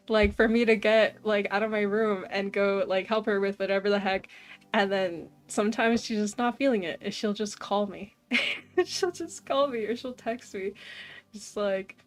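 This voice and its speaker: A woman's voice: medium pitch, moderate pace, soft background music. A young woman streaming, chatting casually and animatedly with her viewers and often saying "bro". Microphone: desk mic.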